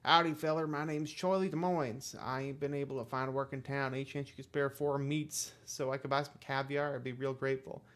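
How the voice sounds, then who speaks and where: A man's voice: mid-range voice, steady tone, a little fast, few pauses, a bit bright, natural voice. A man voicing a cheerful, cheeky drifter in a video game, speaking in a folksy drawl.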